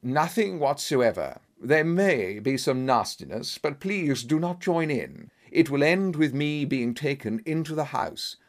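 A man voicing a calm, commanding male detective in an audiobook reading, precise and authoritative. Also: on the high side, a little slow, hardly any pauses.

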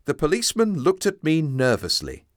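A man reading a simplified classic story aloud as narrator, with slow, expressive storytelling. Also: on the high side, no echo, clean studio sound. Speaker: storybook reader.

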